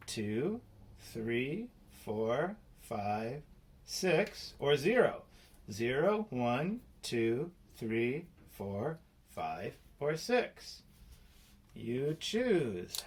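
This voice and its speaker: Male phonics teacher, slightly high, slow and playful with kids. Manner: slow, playful, sounding out letters. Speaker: spelling teacher. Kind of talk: children's phonics lesson.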